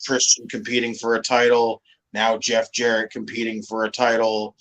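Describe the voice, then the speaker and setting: A man's voice: on the low side, completely flat delivery, moderate pace, a bit bright, a little hiss or hum, rough recording. A man ranting emphatically on a casual podcast, swearing often. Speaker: podcast guest.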